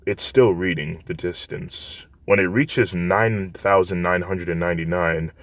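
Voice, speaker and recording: A man with a deep, low voice narrates a fan fiction story in a plain, unpolished way, restarting phrases as he goes. The recording is dry and close. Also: unhurried, dry recording.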